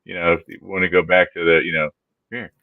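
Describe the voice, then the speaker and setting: A man's voice: low-pitched, little pitch movement, fast, gravelly, dry recording, narrow, tinny audio. A man co-hosting a live chat show, laid-back and chatty, greeting viewers as they join. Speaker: podcast co-host.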